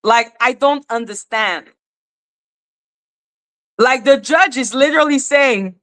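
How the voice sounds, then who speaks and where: A woman's voice: high-pitched, slow, long pauses, a bit bright. A woman hosting a commentary channel, ranting in exasperated, profane rhetorical questions, with a slightly non-native accent. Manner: says she speaks with a non-native accent. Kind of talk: ranting commentary on a court case.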